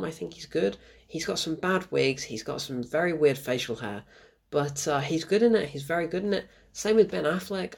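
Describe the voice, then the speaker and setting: A man's voice: fairly high pitch, creaky. A young man giving a chatty film review, bemused and exasperated, often laughing at what he describes. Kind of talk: casual spoken film review.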